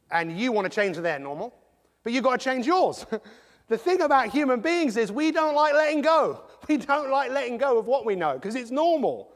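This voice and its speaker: A middle-aged man giving an energetic motivational talk, quizzing the audience as he goes. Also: sits high. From England. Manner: energetic, rhetorical, quizzes the crowd. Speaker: motivational speaker. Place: large conference hall. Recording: long hall reverb.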